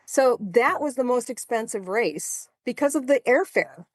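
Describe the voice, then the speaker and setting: A woman in her sixties, a marathon runner guesting on a podcast, telling stories in a chatty, animated way. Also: on the high side, unhurried, no echo, clean studio sound. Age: 60s. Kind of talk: casual storytelling chat.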